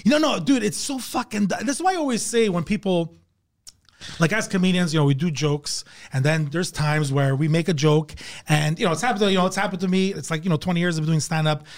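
A man's voice: on the high side, quick pace. A middle-aged man from Canada, a comedian hosting a casual podcast chat, rambling and swearing and laughing often.

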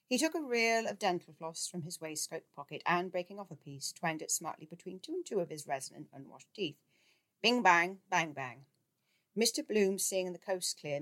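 A woman reading a literary novel aloud, expressive and shifting into voices for the characters. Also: fairly low pitch, moderate pace. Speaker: audiobook reader.

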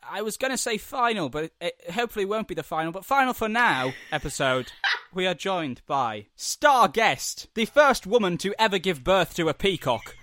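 Young guy hosting a podcast, high voice, swoops all over. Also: moderate pace. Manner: animated, playful introductions. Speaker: podcast host. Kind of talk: casual podcast banter.

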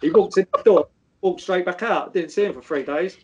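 A man's voice: high-pitched, a little fast, breathy edge, lo-fi sound. A man, a former footballer telling stories in casual chat, swearing freely and calling people mate. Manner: laddish, swears freely, says mate and geezer.

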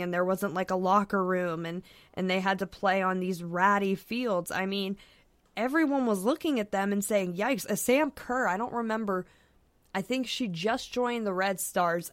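A woman's voice: mid-range voice, dry recording. A woman guest on a podcast talking casually, with frequent fillers and restarts. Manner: chatty, many fillers and restarts. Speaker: podcast guest, soccer writer.

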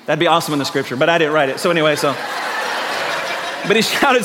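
A man preaching a sermon as pastor, animated and acting out the voices of people in a Bible story, laughing often. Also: a little high, fast, long reverb tail, noisy background. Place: church sanctuary.

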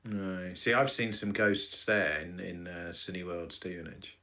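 A man, a comedy podcast co-host speaking in casual chat with deadpan, earnest asides. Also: low-pitched, a little slow.

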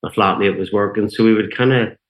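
A middle-aged guest guitarist with a Northern Irish accent and a very deep voice settles into a casual interview. He spins meandering anecdotes and acts out what others said, his talk dotted with fillers. His intonation is fairly even, his pace fairly quick, and the recording rough.

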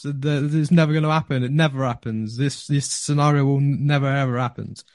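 A man, a podcast guest telling a story in a casual, animated way, laughing often and repeating words when excited. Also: fairly high pitch, a little fast, hardly any pauses, no echo, clean studio sound.

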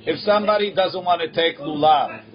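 A man's voice: fairly high pitch, brisk. A man teaching a Talmud class, acting out the case as dialogue, checking in with "right?" and quizzing students by name. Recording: dull lo-fi class recording.

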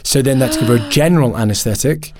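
A man, a podcast guest, telling a candid personal story in an animated, emotional way, often restarting and laughing at himself. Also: medium pitch, quick pace, background noise.

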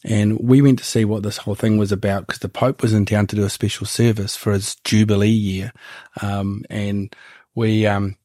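A man with a New Zealand accent, a guest on a podcast, telling long rambling stories in a relaxed, casual way. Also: fairly low pitch, moderate pace, dry recording, studio quality. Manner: rambling, laid-back, laughs while telling stories. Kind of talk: casual storytelling.

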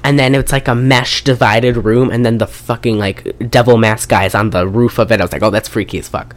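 A woman's voice: very deep voice, fairly even intonation, fairly quick. A young woman hosting a casual chat, retelling a film's scenes in a rambling, profane way. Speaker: podcast host reviewing a film.

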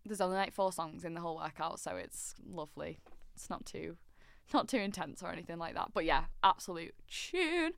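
Woman cohost chatting, gets excited and sings bits, lowish smooth voice, dry sound. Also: a little fast, no room sound. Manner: chatty and excitable, bursts into sung snippets. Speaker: podcast co-host. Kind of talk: casual chat.

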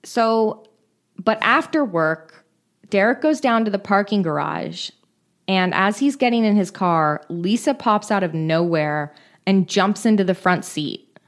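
A woman's voice: mid-range voice, lively intonation, unhurried. A woman co-hosting a podcast, retelling a film's plot in casual chat and giving blunt opinions. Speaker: podcast co-host. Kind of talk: casual chat recapping a movie.

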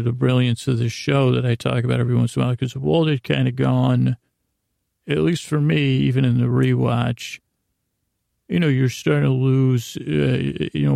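A man's voice: mid-range voice, vocal fry, mellow, no room sound, clean studio sound. A man casually recapping a TV episode as a podcast host, rambling with many restarts and asides.

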